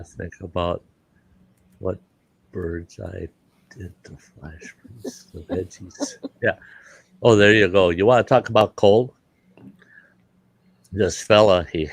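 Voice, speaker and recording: Folksy low-voiced storytelling man. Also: creaky, husky, dry recording. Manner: folksy, animated, chuckling. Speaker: storyteller host. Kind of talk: casual spoken joke telling.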